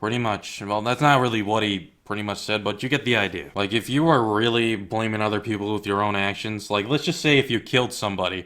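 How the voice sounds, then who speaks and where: A man's voice: on the low side, fast talker, few pauses, a bit bright. A young man ranting to his viewers in a blunt, heated, profane way. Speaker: YouTuber. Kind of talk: angry rant to camera.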